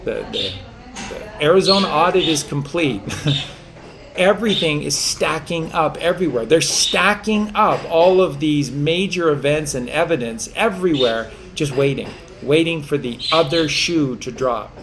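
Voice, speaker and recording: A man hosting an online show, forceful and repeating words for emphasis over a video call. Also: a little high, lively intonation, a little slow, a little hiss or hum. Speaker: show host.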